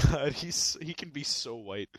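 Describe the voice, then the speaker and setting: A man chatting with friends while gaming, joking and mock-narrating, his voice strained from shouting. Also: mid-range voice, expressive, measured pace, slight background noise. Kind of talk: casual chat over voice chat.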